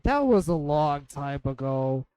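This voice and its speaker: A man playing a tabletop game, speaking softly and shyly in character. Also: on the high side, very animated, unhurried, clear, resonant tone, dry recording. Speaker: player. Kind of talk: casual tabletop play.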